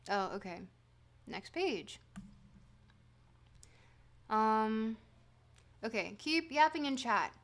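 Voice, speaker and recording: A woman streamer reads philosophy aloud to her livestream in a slightly high voice, using a put-on reading accent. She stumbles over words and fixes them as she goes. Between passages she drops into playful, self-mocking banter with her chat. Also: expressive, extremely slow, long pauses, fairly bright tone.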